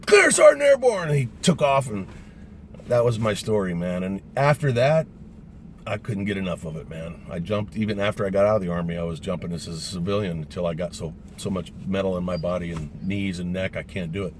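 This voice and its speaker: A man's voice: deep voice, brisk, a little mellow, a little hiss or hum. A man, a former paratrooper, casually telling a war story with profanity and plenty of "you know"s.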